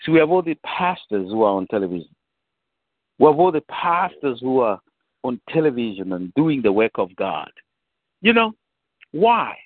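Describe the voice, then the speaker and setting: A man's voice: fairly high pitch, big pitch swings, normal speed, dry recording. A man preaching a conversational sermon, often asking "you know" and repeating phrases for emphasis. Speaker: bishop preaching. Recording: tinny phone line, dry.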